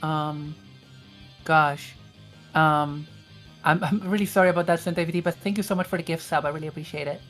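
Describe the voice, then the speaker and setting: Female streamer, English not her first language, low-ish voice, halting chatty delivery. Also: steady tone, fairly bright tone, faint music behind. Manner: hesitant, many fillers, reads chat aloud. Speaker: streamer host. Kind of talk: casual chat.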